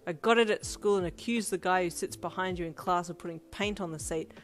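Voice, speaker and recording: A woman reading a fan fiction audiobook, voicing a gruff, brash young man with growled, rough lines. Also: on the low side, a little fast, close to an everyday voice. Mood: growling. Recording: loud music bed under voice.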